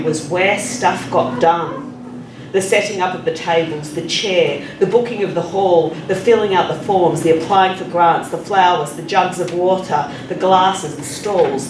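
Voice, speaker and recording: Woman author, slow reading, echoey room, mic far off. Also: on the low side. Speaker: crime writer. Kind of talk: reading from her novel. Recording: echoey room, distant mic, audible noise.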